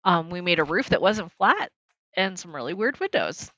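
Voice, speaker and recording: A woman's voice: on the low side, very animated, normal speed, fairly bright tone, no room sound, lo-fi sound. A woman streaming a game, chatting casually to her viewers, joking about her own mistakes and laughing often. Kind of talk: casual live-stream commentary.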